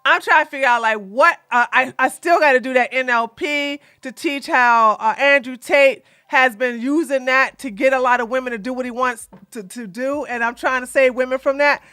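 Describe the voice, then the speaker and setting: A woman doing drama commentary in a loud, animated, sassy way, often laughing and shouting. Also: high voice, normal speed, few pauses, no room sound, clean studio sound.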